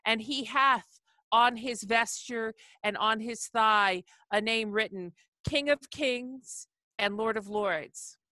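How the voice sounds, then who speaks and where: A woman's voice: a little high, slow, sharp tone, no echo. A woman reading her own poem aloud over a video call, chanting long rhythmic lists and rising into emphatic refrains. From not from the South. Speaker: poet. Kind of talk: poetry reading.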